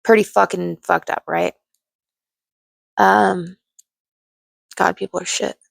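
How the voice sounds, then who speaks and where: Gravelly young woman telling her story. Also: on the low side, fairly even intonation, takes it slowly, no echo. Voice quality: gravelly vocal fry. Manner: candid, blunt, swears freely, restarts often. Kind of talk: personal storytime monologue.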